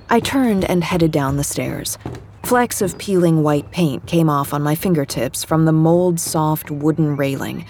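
A woman's voice: low voice, a little slow, darkish tone, a little hiss or hum. A young woman narrating a first-person story in a wry, conversational way. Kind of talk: scripted fiction narration.

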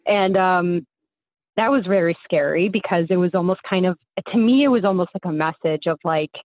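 A woman's voice: on the low side, normal speed, no echo. A young woman caller casually telling a story, rambling with lots of fillers, heard over a tinny phone line.

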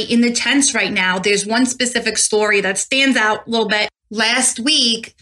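A woman's voice: fairly high pitch, bright, forceful tone. A woman speaking in an angry rant to the camera, with heavy swearing. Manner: angry, profane ranting.

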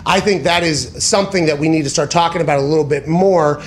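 A man's voice: on the high side, quick pace, slight background noise. A man hosting a sports talk show, talking casually in an emphatic, profane way and often correcting himself mid-sentence. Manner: tangents and self-corrections.

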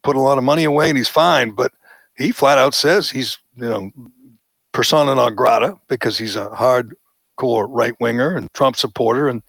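A man's voice: medium pitch, normal speed, creaky, no echo. A man hosting a podcast, giving opinionated political commentary and mocking the people he quotes. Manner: animated, mocking quoted voices. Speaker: podcast host.

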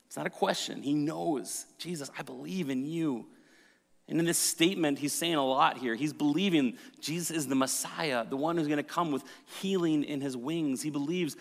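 A man preaching a sermon with dramatic shifts from loud emphasis to hushed retelling. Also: fairly high pitch, moderate pace, vocal fry. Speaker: pastor. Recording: reverberant hall.

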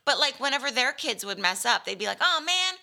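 A woman's voice: fairly high pitch, quick pace, vocal fry, pushed and bright. A woman from Malibu co-hosting a casual chat, telling a family story animatedly and acting out the quotes. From Malibu, California. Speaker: podcast co-host.

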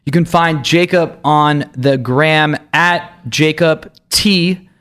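A man's voice: on the high side, steady tone, takes it slowly, fairly bright tone. A man hosting a podcast, chatting casually and reading an upbeat promotional sign-off. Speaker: podcast host. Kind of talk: casual chat and scripted sign-off.

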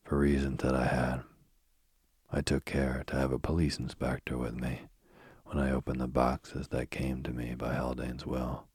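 A man narrating a ghost story aloud in a hushed, often whispered delivery. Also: monotone, moderate pace, no echo. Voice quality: very deep, husky voice.

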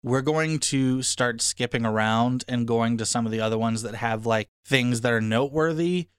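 A man co-hosting a podcast, talking through a movie review in a loose, rambling way. His voice is smooth and resonant, recorded dry and close with no room sound. He is frank and a bit mocking. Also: medium pitch, moderate pace, no echo. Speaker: podcast co-host. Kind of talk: casual review chat.

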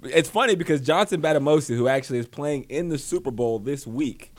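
A man in his thirties co-hosting a podcast, adding quick quips and laughing along with his partner. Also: a little high, lively intonation, no room sound. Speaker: podcast co-host, former football player. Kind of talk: casual chat.

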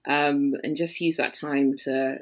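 A woman with a London English accent talks casually as a podcast guest. Her voice sits low, and she chats in a loose, friendly way, full of fillers and quick laughs. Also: fairly even intonation. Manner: chatty, laughs often, many fillers. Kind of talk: casual interview chat.

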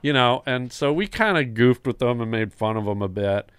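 Older male host, 60s, smooth clear voice, dry close sound, animated storyteller. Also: mid-range voice, moderate pace, no echo. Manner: animated storyteller, acts out quoted dialogue. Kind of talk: casual storytelling chat.

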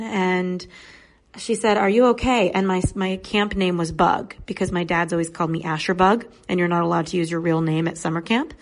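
A woman's voice: on the low side, vocal fry. A woman in her thirties, a podcast guest, telling a personal story in an earnest, reflective way. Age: 30s.

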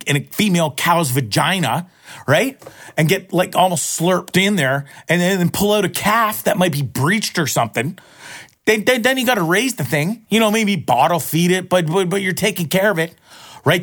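A man in an off-the-cuff rant that rambles and doubles back on its words. He swears freely, and his voice jumps upward whenever he gets worked up. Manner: excitable, jumps up in pitch when worked up. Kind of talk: casual profane rant to camera.

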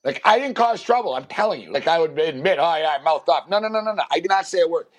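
A man's voice: sits high, expressive, fast. A man telling a long, rambling anecdote on a sports podcast, full of fillers and acted-out quotes. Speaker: podcast co-host. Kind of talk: casual storytelling.

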